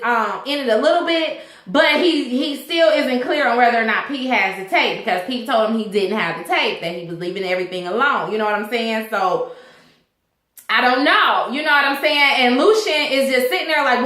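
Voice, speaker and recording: A woman's voice: high voice, sharp tone, echoey room. A young woman vlogging a casual, profane recap of a TV episode. She acts out the characters' lines as she talks.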